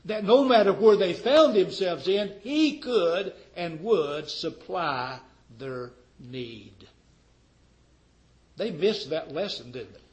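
A man with a notably high voice delivers a fervent sermon. He presses his listeners with rhetorical questions, rising loud on key points and falling soft at the ends of phrases. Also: lively intonation, takes it slowly, poor audio. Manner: fervent, rhetorical questions, wide swings in loudness. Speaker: preacher.

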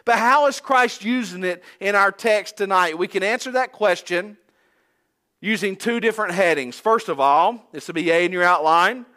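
A man preaching a sermon, quoting scripture in a measured, emphatic way with falling phrase endings. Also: high-pitched, sharp tone.

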